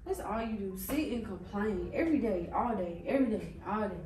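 Young woman, prank host, lowered tough voice, teasing, in a roomy room with the mic far away. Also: expressive, brisk, darkish tone, faint music behind. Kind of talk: casual prank banter. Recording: roomy room, voice from a distant camera.

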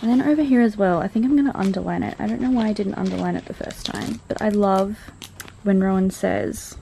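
Young female book vlogger, casual and giggly, mellow tone. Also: fairly high pitch, lively intonation, normal speed, vocal fry, a little hiss or hum. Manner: chatty, giggly and gushing. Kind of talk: casual reading vlog chat.

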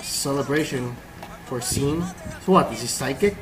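Over game music and in a rough recording, a man speaks at medium pitch and normal speed. As a let's play host, he comments playfully and casually on his game, thinking aloud and reading out its text.

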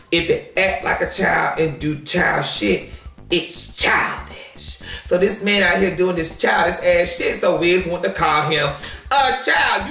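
A man hosting a gossip commentary show, loud and sassy, swearing and mocking as he rants about online drama. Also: high voice, vocal fry. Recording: roomy echo, distant from mic.

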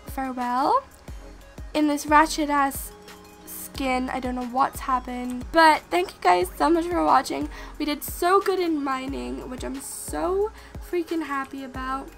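Sick female gaming host, high-pitched and bright, unhurried but excitable, addresses viewers directly, faint music under her. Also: creaky. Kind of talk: let's-play gameplay commentary.

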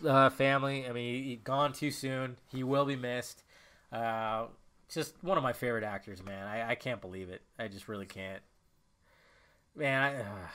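A man's voice: medium pitch, pushed and bright. A young man hosting a casual solo podcast, rambling and emotional, cursing often as he talks. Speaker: podcast host.

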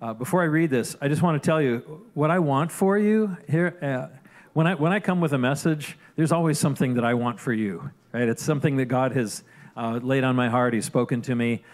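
A man preaching a sermon in a loose, conversational manner. His voice sits at a middle pitch, and he keeps checking in with his listeners as he goes. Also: brisk. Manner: conversational, frequent "right?" asides and restarts. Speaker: pastor.

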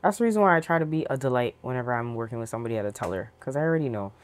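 A podcast co-host giving lively, expressive commentary in a casual chat. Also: mid-range voice, racing.

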